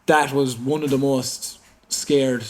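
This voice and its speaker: A man in his thirties with a Cork Irish accent, telling a personal story openly as a podcast guest, halting and full of fillers. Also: mid-range voice, steady tone, slight background noise. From Ireland. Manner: open, halting, repeats himself with many fillers. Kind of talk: candid storytelling. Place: indoor room in San Francisco.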